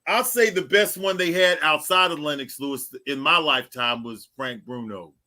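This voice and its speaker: A man's voice: a little high, moderate pace, bright, forceful tone. A man co-hosting a boxing talk show in easygoing casual chat. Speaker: co-host.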